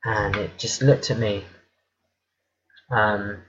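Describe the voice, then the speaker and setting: A man's voice: lowish voice, fairly even intonation, slow, a bit bright, muffled recording, a little hiss or hum. A man telling a story in a casual, rambling way, hesitant and full of fillers and swearing. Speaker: vlogger.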